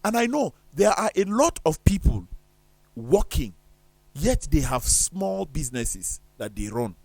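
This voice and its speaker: A man's voice: on the high side, very animated, a little slow, gravelly, darkish tone, no room sound. A man talking on a studio discussion show in an emphatic, preacherly way, firing off rhetorical questions.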